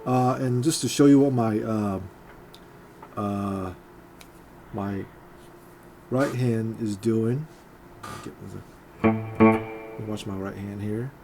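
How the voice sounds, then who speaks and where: With a lowish voice and long pauses, a man slowly teaches a guitar part in casual, hesitant instructional talk, full of fillers and beats counted aloud. Loud guitar playing sounds behind him.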